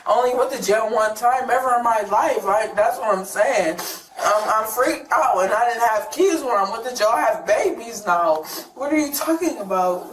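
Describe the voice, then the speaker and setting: Panicky woman begging and shouting, kinda high pitched, far from the bodycam mic, lots of noise in the room. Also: lively intonation, moderate pace, roomy sound. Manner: frantic repeated pleading, shouting. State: panicked, near tears. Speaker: arrested driver. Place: jail booking room. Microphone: officer's body camera.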